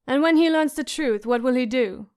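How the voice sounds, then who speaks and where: A woman's voice: sits high, moderate pace, a little mellow, clear, resonant tone, natural voice. A woman reading an audiobook, voicing a fat foreign merchant with a liquid accent and a coaxing manner. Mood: urging.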